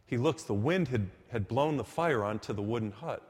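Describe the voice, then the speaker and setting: A man preaching a sermon, emphatic and full of stories, slowing down and speeding up to drive his points home. His voice sits in a middle pitch. A long reverb from a big church hall trails each phrase. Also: animated, darkish tone, slightly rough. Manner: storytelling, emphatic, varies pace for effect.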